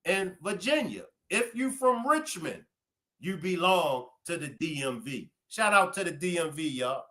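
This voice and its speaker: A man with a Baltimore accent chats loosely with his live viewers and greets them by the places they come from. His voice sits a little high for a man. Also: very animated, unhurried, sharp tone. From Baltimore, USA. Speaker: live stream host. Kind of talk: casual live stream shout-outs.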